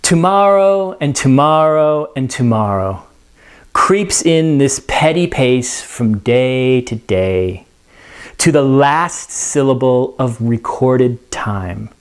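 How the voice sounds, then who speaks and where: A man reading aloud as a weary, despairing king, slowly and in a measured way. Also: mid-range voice, lively intonation, clear, resonant tone. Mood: bleak.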